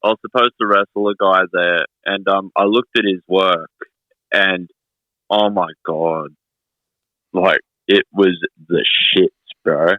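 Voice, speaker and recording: A man's voice: low voice, fairly even intonation, slow pace, no room sound, highs cut off. A man, a wrestler guest telling stories in casual podcast chat, swearing often and laughing. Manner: swears a lot, laughing storyteller.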